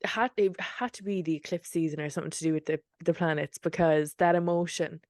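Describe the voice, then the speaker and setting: A woman in her late twenties co-hosting a podcast from bed, animated, laughing a lot and acting out what people said. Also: deep voice, fairly quick, dry recording, clean studio sound. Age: late 20s. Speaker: podcast co-host. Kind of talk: casual chat.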